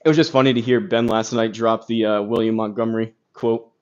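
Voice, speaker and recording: A man's voice: fairly low pitch, steady tone, fairly quick. Rambling man live-streaming golf from his phone. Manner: rambling, lots of fillers, reads chat aloud. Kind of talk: casual live-stream chat. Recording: slightly dull phone audio with crackle.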